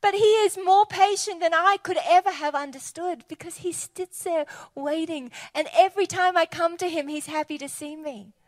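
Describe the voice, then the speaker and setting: Woman preacher, high voice, animated and chatty, dry close sound. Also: moderate pace, hardly any pauses, no echo. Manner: animated, conversational, enthusiastic. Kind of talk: sermon.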